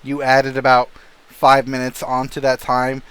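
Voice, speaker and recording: A man's voice: mid-range voice, monotone, unhurried, a bit bright, clean tone. A young adult man narrating a tabletop game as game master, casual and swearing now and then. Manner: casual, swears, laughs often.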